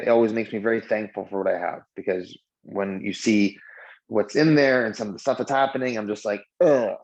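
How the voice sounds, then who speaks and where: Man coaching over a dull call line. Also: medium pitch. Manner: animated storyteller who acts out quotes; loose, filler-heavy speech. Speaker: wellness coach. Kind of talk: guided breathing and coaching talk. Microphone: video call. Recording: dull lo-fi video call audio.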